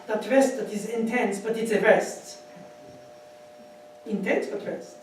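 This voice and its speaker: High-voiced man teaching piano in an echoey hall. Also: slow, long pauses, far from the mic. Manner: animated, laughing, counts beats aloud. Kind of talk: masterclass instruction. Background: piano playing.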